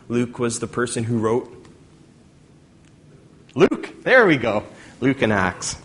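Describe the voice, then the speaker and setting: A man's voice: mid-range voice, very animated, slow pace, pauses often, a bit bright, husky. A man preaching a sermon as pastor, conversational with bursts of dramatic emphasis.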